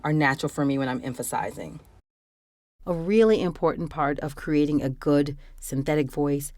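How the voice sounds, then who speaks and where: A woman voice actor talking casually through her home recording process, explaining each step in a quiet room on a studio microphone. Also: low voice, no room sound. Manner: explanatory, chatty, self-correcting. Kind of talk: casual screen walkthrough. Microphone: studio condenser microphone.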